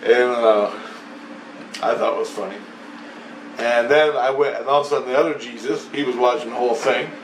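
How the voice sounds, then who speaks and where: A man telling a rambling personal story in a profane, excitable way, often repeating himself. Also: medium pitch, fairly quick, long pauses, a little hiss or hum. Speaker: vlogger. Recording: roomy and distant from the mic.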